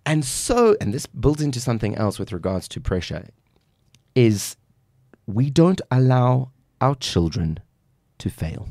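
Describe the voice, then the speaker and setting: A man's voice: mid-range voice, sing-song, unhurried, warm tone, no echo, studio quality. A man from South Africa, a guest life coach on a podcast, talking in an emphatic, preachy way and acting out little quotes. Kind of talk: casual podcast conversation.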